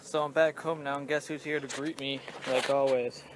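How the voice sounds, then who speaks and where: A man's voice: little pitch movement, moderate pace, background noise. A young man talking casually to the camera in a vlog, with playful joking asides. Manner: playful, yells silly catchphrases in a high voice. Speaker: vlogger.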